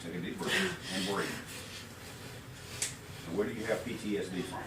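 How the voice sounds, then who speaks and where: A man, an officer, calmly and firmly telling someone to slow down and breathe, heard on a distant, echoey phone recording. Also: low-pitched, heavy background noise. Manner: calm, firm, instructing someone to breathe.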